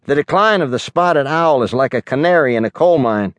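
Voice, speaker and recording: A man's voice: fairly high pitch, lively intonation, brisk, fairly bright tone, no room sound, pitched above the performer's own voice. A man doing an edgy, lecturing science teacher. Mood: earnest. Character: earnest male science teacher and environmentalist. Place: recording studio.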